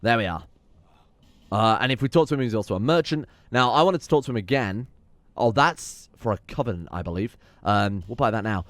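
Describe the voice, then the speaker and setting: A man's voice: fairly low pitch, animated, brisk, a bit bright, dry recording. A man giving sweary, sarcastic let's play commentary while playing a game. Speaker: gameplay commentator.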